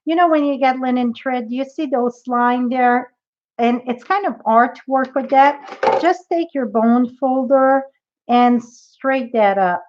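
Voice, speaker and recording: A woman's voice: sits high, takes it slowly, lo-fi sound. A woman demonstrating a craft project in a live tutorial, chatty and thinking aloud as she works.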